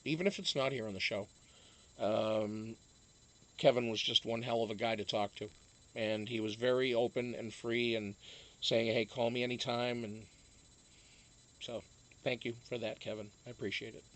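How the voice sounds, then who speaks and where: A man's voice: mid-range voice, steady tone, normal speed, pauses often, fairly bright tone. A man from Massachusetts, hosting a casual live stream, rambling with many fillers and restarts.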